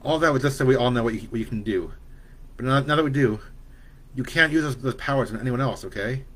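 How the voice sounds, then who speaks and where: A man reading the part of a worried, loving young mother who speaks gently but firmly to her son. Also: mid-range voice, fast, natural voice. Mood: firm, gentle.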